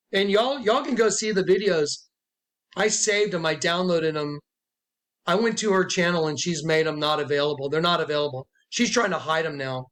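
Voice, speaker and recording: A man with a high, slightly bright voice gives a rambling, emphatic personal testimony to camera. A self-styled prophet recounting a dispute, he repeats himself and acts out what others said, raising his voice for the quotes.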